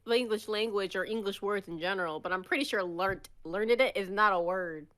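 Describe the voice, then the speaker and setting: A woman's voice: medium pitch, a little fast, a crowd in the background. A young woman co-hosting a casual podcast, telling stories with laughter. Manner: laughing, animated storytelling. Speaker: podcast co-host.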